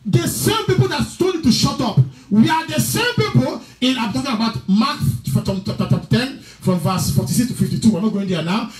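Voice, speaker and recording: A man's voice: extremely high pitch, expressive, moderate pace, hardly any pauses. A man preaching with fervor, chanting prayers and declarations and speaking in tongues at times. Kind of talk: sermon and prayer. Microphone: livestream. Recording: echoey room with music behind.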